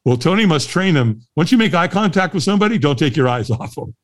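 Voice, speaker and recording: A middle-aged man, a guest on a podcast, telling a story in a lively way and laughing often. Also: fairly high pitch, fast talker. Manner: lively, laughs often, acts out the voices of others. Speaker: guest, firewalk instructor. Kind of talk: animated storytelling in a podcast interview.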